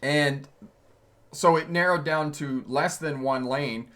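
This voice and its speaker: This driving instructor hosts his own channel, chatting through a casual livestream where he tells road stories and replies to viewers' comments. His voice is on the high side, slow and fairly bright, and he laughs often mid-sentence.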